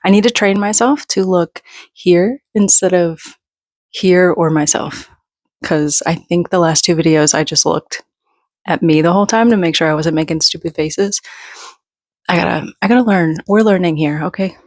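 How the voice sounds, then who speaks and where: A woman's voice: fairly low pitch, normal speed, a little mellow, dry recording, clean studio sound. A woman in her thirties, a little out of breath, chatting in a rambling, self-deprecating way from her bedroom floor. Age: 30s. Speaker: book vlogger. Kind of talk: casual chat.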